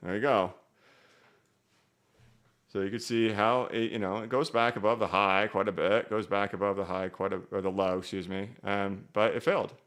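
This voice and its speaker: A man in his thirties with a lowish, fairly bright voice hosts a casual crypto live stream at a moderate pace. His intonation stays fairly even as he chats, jokes, reads viewer comments and walks through charts.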